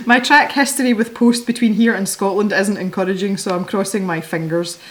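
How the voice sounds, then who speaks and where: A woman hosting a casual unboxing video, chatty and excitable, giggling often as she opens parcels of art supplies. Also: mid-range voice, slight background noise. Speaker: art supply channel host.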